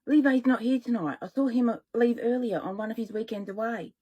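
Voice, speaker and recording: A woman voicing a teenage boy who leads his friends in hushed, urgent whispers. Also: on the high side, brisk, husky, lo-fi sound.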